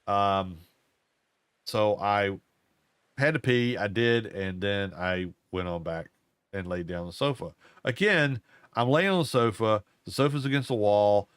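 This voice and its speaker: Older guy telling a long story over a game, lowish voice, folksy, repeats stuff. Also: a little slow, a bit bright, clean tone, no room sound. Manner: rambling, repeats himself, folksy. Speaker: gaming channel host. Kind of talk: casual storytelling over gameplay.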